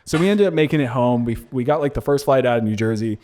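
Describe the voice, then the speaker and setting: A young man in a relaxed podcast interview, talking in a mid-range voice. He tells his story animatedly, laughing often and restarting his sentences, as a guest DJ from San Diego. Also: mid-range voice, fast, slight background noise. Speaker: guest DJ and producer.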